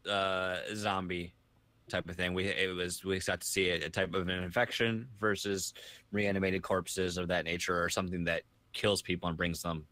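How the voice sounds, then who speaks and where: Bright-toned man rambling on a podcast. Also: low voice, flat delivery, moderate pace, dry recording. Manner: rambling, many restarts and fillers. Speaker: podcast co-host. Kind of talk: casual chat.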